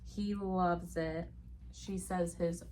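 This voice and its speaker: A woman's voice: on the low side, fairly even intonation, extremely slow, darkish tone, slight background noise. A woman reviewing a book she loves in a casual chat, gushing and rambling with plenty of "like" fillers.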